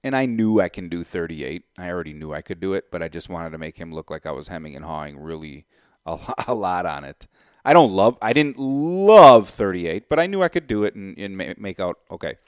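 The recording is studio quality with no room sound, capturing a low-pitched, clean male voice at a fairly quick pace. He's a real estate investor casually telling a story to camera, animatedly playing out both ends of a deal while working out sums as he thinks.

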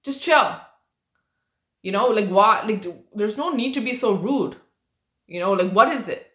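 A woman's voice: medium pitch, lively intonation, normal speed. A young adult woman rambling through a casual story as a vlogger, with lots of fillers and swearing. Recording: roomy echo.

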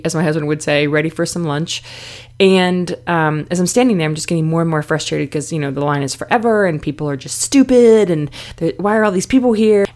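Low-voiced woman hosting a self-help podcast. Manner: conversational, frequent "you know" fillers and restarts. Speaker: podcast host. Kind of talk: casual self-help talk.

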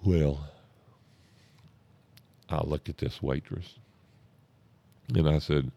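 Very deep, gravelly drawling man. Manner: drawn-out, deadpan delivery with self-interruptions. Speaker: comic storyteller. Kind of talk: comic anecdote telling.

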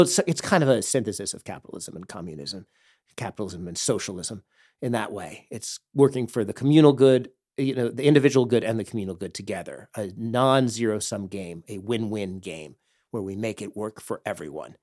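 A man's voice: lowish voice, a little fast, dry recording, clean studio sound. Man, podcast host, personal story, rambling, emphatic, heated. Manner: rambling, heated, swings loud and intense; heavy fillers and restarts.

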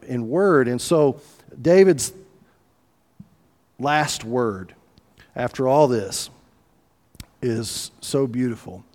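A man's voice: mid-range voice, a little mellow, big-room sound. A man preaching a sermon in a conversational, folksy way, with asides and restarts. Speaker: pastor.

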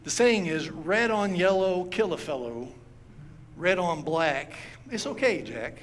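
Storytelling pastor in a reverberant hall. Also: male voice, high-pitched, expressive, unhurried, a bit bright, slight background noise. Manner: storytelling, acts out quoted lines. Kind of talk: sermon. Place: church sanctuary. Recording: long hall reverb, faint ambience.

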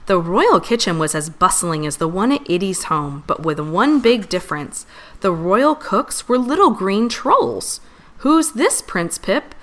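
A woman reading a children's storybook aloud, gentle and expressive. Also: lowish voice, measured pace. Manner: gentle, expressive, lively voice changes for characters. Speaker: storybook reader.

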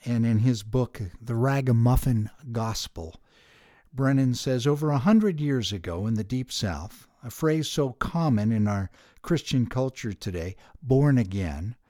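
An older man with a warm, mellow voice shares a reflective personal testimony as a podcast host. He speaks softly and earnestly, pausing and restarting now and then. The recording is dry and close, with no room sound. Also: medium pitch, dry recording. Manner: soft-spoken and earnest, with gentle hesitations.

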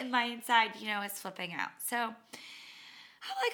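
A woman hosting a podcast, telling a story in a chatty, animated way with dramatic asides and self-mocking humor. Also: fairly high pitch, moderate pace, pauses often. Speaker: podcast host and cycling instructor. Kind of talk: casual monologue storytelling.

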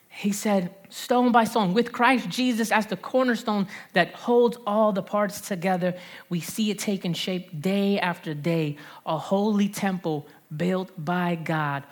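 A woman in her thirties with a New Jersey accent, preaching a lively sermon with call-and-response and repeated phrases. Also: medium pitch, a little slow. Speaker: pastor.

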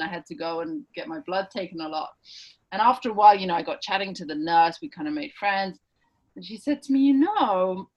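A woman's voice: lowish voice, low-quality recording. A woman from England with an English accent, chatting casually and telling funny stories with frequent laughter. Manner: animated storytelling, laughs often. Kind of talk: casual chat.

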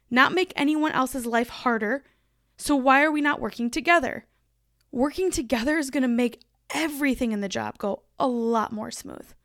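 A woman's voice: high voice, a bit bright, no room sound, studio quality. A woman hosting her own podcast in a chatty, emphatic solo monologue, laughing easily as she talks. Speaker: podcast host.

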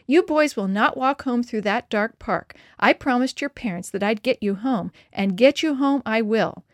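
A woman doing a booming, stern boss man. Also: moderate pace, no room sound, close to an everyday voice. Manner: booming, curt and disapproving. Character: stern pompous middle-aged male boss.

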